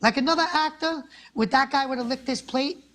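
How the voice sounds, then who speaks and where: A man's voice: very high-pitched, fairly quick, a bit bright. A man, a guest actor chatting casually and rambling through stories, acting out the people in them. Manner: rambling storyteller, acts out quoted people. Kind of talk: casual interview chat.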